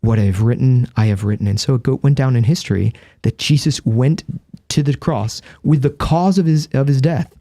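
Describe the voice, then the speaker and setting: A man's voice: mid-range voice, moderate pace, dark tone, no echo. A man, a Catholic priest and guest, explaining in earnest, vivid storytelling with a close studio microphone. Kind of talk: conversational explanation.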